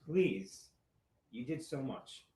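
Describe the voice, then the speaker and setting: A man playing an insistent divorced father who is quick to anger, in acted drama dialogue. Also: medium pitch, lively intonation, mellow. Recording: roomy with faint noise.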